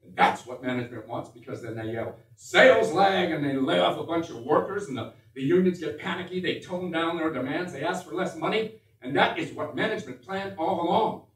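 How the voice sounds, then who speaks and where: An actor playing a blunt, folksy old president. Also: male voice, fairly high pitch, a little fast, hardly any pauses, natural voice. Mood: indignant. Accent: Missouri. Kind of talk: one-man stage performance. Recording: echoey stage from far off.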